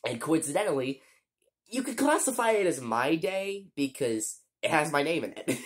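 A man's voice: fairly high pitch, big pitch swings, normal speed. A man chatting casually as he walks through a game update, joking around and teasing himself. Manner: joking, chatty, self-mocking. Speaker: gaming YouTuber.

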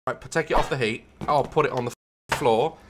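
A man's voice: mid-range voice, fairly quick, very noisy. A man giving comedic gameplay commentary, frantic and swearing constantly, yelping and cackling as things go wrong. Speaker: gaming YouTuber.

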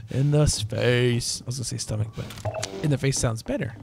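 Male gamer, casual commentary, lively up-and-down voice, slightly high, laughs a lot. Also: vocal fry, noisy background. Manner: joking, swearing, laughing often, mock-scared. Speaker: let's play gamer. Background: game music and gunfire.

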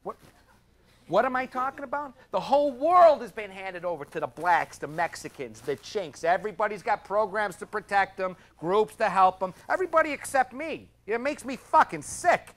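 An actor playing a bitter, foul-mouthed middle-aged police officer in a stage drama, blunt and defiant. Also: male voice, sits high, lively intonation, normal speed, a bit bright. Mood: angry.

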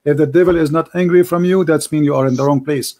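A man with an Arabic accent hosts a live call-in show, his voice hoarse and worn from long talking. He sits a little high in pitch and preaches fervently, building to emphatic declarations. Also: fairly even intonation, fast talker, a little mellow.

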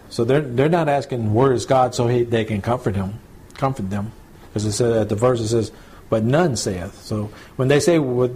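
A male pastor giving a conversational Bible teaching, checking in with listeners and slowing down to read scripture aloud. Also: medium pitch, darkish tone, breathy edge. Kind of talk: home church Bible teaching.

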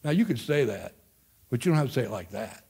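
A man's voice: mid-range voice, very animated, fast talker, vocal fry, darkish tone, husky. A man in his fifties, a Midwestern American pastor emeritus, teaching an informal Bible study to a church class in a folksy, rambling way, breaking off and restarting his sentences. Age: 50s. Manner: folksy, rambling, self-interrupting.

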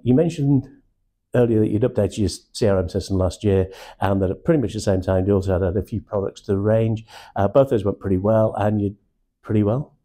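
A man leading a live sales training session in a room, teaching with slow, emphatic stresses on key words. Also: on the low side, dark tone.

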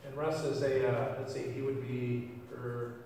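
A man's voice: medium pitch, fairly even intonation, measured pace, darkish tone, a little hiss or hum. A man preaching a casual, rambling sermon full of fillers and restarts, as pastor of his church. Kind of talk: conversational sermon. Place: church sanctuary. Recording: echoey church hall, mic far off.

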